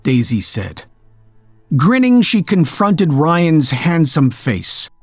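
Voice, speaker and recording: Slow dark male horror narrator. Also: a little high, big pitch swings, no room sound, faint music behind.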